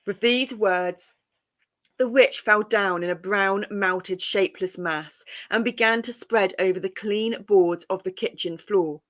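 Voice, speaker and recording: A woman reading a classic children's story aloud in a calm, measured way. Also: medium pitch.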